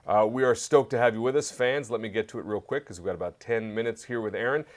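A man hosting a live fan question show, energetic and hyping up the audience. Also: on the low side, fast talker. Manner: energetic, hypes fans up. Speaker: host.

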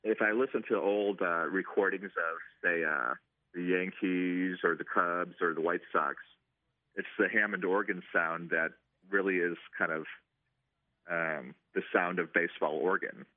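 A man's voice: low voice, steady tone, measured pace, dry recording. A man working as a stadium organist, answering interview questions casually with many ums and restarts. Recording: tinny phone line.

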